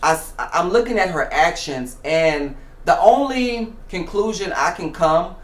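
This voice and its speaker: A man's voice: high-pitched, lively intonation, measured pace. A man hosting a show, giving casual reality TV commentary in a chatty way, with many fillers and restarts. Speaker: show host. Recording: echoey room.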